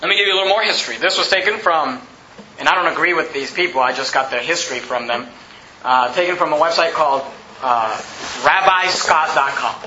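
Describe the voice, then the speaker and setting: A man's voice: on the high side, a little fast, pushed and bright, slight background noise. A pastor preaching a sermon emphatically, mocking his listeners with put-on quotes. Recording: roomy, slightly dull recording.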